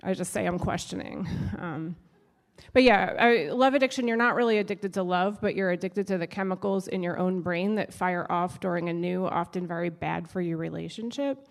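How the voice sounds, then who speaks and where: A woman's voice: on the low side, moderate pace, gravelly, in a large hall. A young adult woman doing a stand-up set on stage, wry and self-deprecating with punchy delivery. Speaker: stand-up comedian. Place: stage of a live show.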